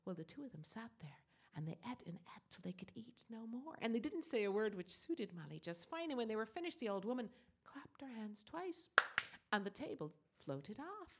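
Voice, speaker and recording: A woman storyteller telling a folk tale in an animated, dramatic way. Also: fairly high pitch, normal speed, a little hiss or hum.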